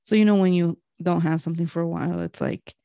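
A woman's voice: lowish voice, fairly even intonation, fast, vocal fry, dark tone, dry recording, clean studio sound. A young woman co-hosting a podcast, chatting casually in a slangy, laughing, storytelling way. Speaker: podcast co-host. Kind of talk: casual chat.

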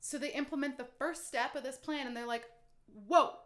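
A woman co-hosting a casual political chat podcast, chatty and animated, with many "like"s. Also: high-pitched, quick pace. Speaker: podcast co-host.

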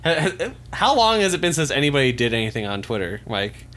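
A man's voice: mid-range voice, big pitch swings, fast talker, a bit bright. A man hosting a podcast, chatting casually with rambling asides and joking remarks. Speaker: podcast host.

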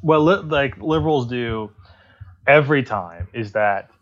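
A man's voice: mid-range voice, lively intonation, unhurried. Podcast co-host, male, sarcastic rambler, muffled lo-fi recording. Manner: rambling, sarcastic, swears freely. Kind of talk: casual political chat.

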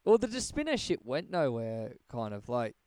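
A man banters loosely on a podcast, joking and swearing freely. His voice is smooth and moves lively up and down in pitch. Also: moderate pace, dry recording. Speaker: podcast co-host. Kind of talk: casual podcast chat.

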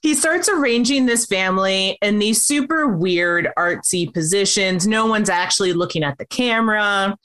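A woman hosting a casual chat, recapping a TV episode with quick, giggly asides. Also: medium pitch, lively intonation, a bit bright. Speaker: podcast host recapping a TV episode.

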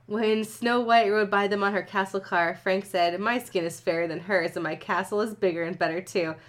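A woman with a mid-pitched voice reads a silly story aloud in a casual, joking way. She keeps stopping to crack crude jokes and swear with a friend, then goes back to the page. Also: steady tone, normal speed. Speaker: fan fiction reader. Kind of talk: casual comedic reading with banter.

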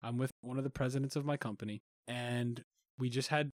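A man of Caribbean background co-hosting a podcast, telling stories in an animated way and acting out what people said. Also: medium pitch, a little fast, no echo, clean studio sound. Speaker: podcast co-host. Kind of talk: casual podcast storytelling.

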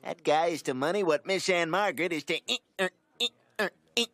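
An actor voicing a lecherous, swaggering cartoon man with a high, sleazy drawl. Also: fairly quick, bright, forceful tone, no echo. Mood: boastful. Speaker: cartoon character.

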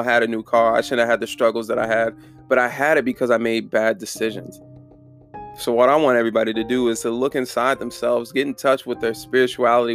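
A young man telling a personal story in a candid, reflective way, with frequent swearing. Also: mid-range voice. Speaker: vlogger telling a life story.

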